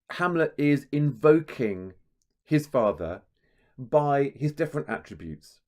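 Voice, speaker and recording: Guy with a fairly low voice lecturing on a play, lots of ums, leans hard on the stresses when he reads lines out. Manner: thoughtful, with frequent ums and restarts; reads quoted verse aloud with stressed emphasis. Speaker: literature teacher. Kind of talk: spoken lecture commentary.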